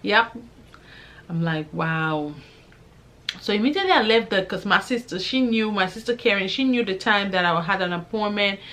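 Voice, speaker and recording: A young woman vlogger telling a personal faith testimony in a lively, conversational way, acting out both sides of the conversations she recounts. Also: mid-range voice, fairly quick. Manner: religious, praises God while telling. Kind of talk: personal storytelling.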